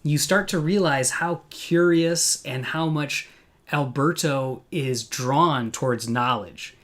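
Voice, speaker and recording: A man's voice: a little high, takes it slowly, a bit bright. A man hosting a casual live film review, talking enthusiastically with many fillers and restarts. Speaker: podcast host. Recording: live online video call.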